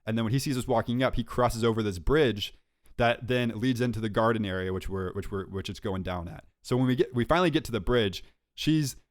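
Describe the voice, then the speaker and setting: A young man co-hosting a podcast, telling a story in a lively, self-mocking way and laughing often. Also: fairly low pitch, brisk, dry recording, clean studio sound. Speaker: podcast co-host. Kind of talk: casual chat, storytelling.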